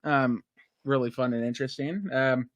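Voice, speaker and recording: A man's voice: medium pitch, steady tone, normal speed, dry recording. A man co-hosting a podcast, chatting casually and a bit skeptically about a TV episode, sometimes stumbling over his words. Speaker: podcast co-host. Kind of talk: casual chat recapping a TV episode.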